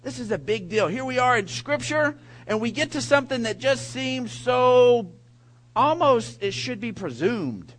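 A middle-aged man preaching a sermon, telling a lively personal story before building to emphatic preaching. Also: very high-pitched, measured pace, low-quality recording. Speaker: pastor.

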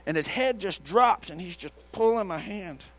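A man preaching in an animated way, with a high, lively voice that jumps from loud cries to near-whispers. He is a middle-aged pastor telling a story to his church. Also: moderate pace. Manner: animated, swings from loud outbursts to hushed retelling. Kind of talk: sermon storytelling. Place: church auditorium.

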